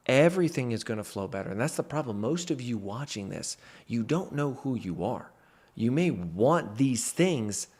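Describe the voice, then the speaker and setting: A man's voice: medium pitch, darkish tone. A man in a motivational talk to camera, a mentor who speaks emphatically and stresses his points with "freaking".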